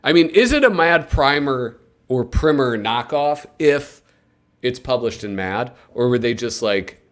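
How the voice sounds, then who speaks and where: Speaking at medium pitch with lively intonation and an unhurried pace, a man hosts a casual livestream. He chats with viewers and rambles through his live commentary, using lots of fillers.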